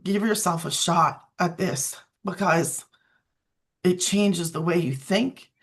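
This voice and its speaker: A woman in her forties, a mother, sharing a personal testimonial on a video call, telling it in an animated way with emphatic repeats. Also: lowish voice, slow pace.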